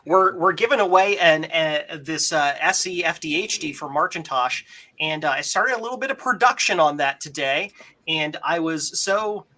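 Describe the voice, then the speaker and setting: A man's voice: a little high, lively intonation, normal speed, pushed and bright. A man co-hosting a casual chat show, talking enthusiastically and a bit self-amused about his own video project. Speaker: podcast co-host.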